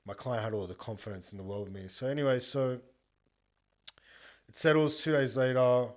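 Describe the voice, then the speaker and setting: A man chatting as a podcast guest, his pitch sitting in an ordinary middle register. He tells stories bluntly and animatedly, voicing each side of a conversation himself and swearing freely. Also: moderate pace. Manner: animated storyteller, acts out both sides of conversations; blunt and profane. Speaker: podcast guest, buyers agent. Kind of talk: casual podcast storytelling.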